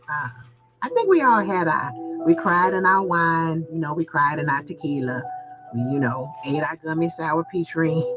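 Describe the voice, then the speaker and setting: A woman vlogger venting to her viewers in a sassy, candid monologue, laughing as she talks. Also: on the low side. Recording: muffled lo-fi sound with loud music. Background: background music.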